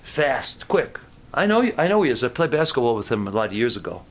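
A man preaching at a camp meeting, talking straight to the congregation with self-mocking humor and climbing to near-shouts when impassioned. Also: mid-range voice, big pitch swings, a little fast. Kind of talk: sermon.

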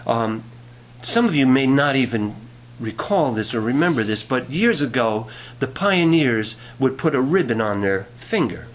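Male pastor, animated pitch, folksy joking sermon delivery. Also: measured pace, hardly any pauses. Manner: folksy storytelling with jokes and scripture reading.

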